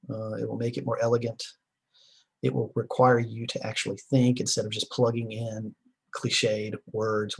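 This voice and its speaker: A man's voice: mid-range voice, slightly rough. A man lecturing a class in a conversational way, with fillers and short emphatic repeats.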